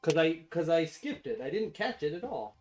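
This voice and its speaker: A man's voice: fairly high pitch, sing-song, moderate pace, darkish tone, soft background music. Man, streamer dad, casual teasing banter over gameplay. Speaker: game streamer and father. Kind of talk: casual chat while livestreaming a game.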